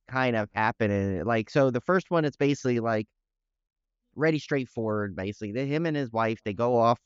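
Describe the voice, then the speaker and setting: A man co-hosting a podcast in casual chat, rambling and animated with many restarts. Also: mid-range voice, clear, resonant tone, no room sound, dull audio. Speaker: podcast co-host.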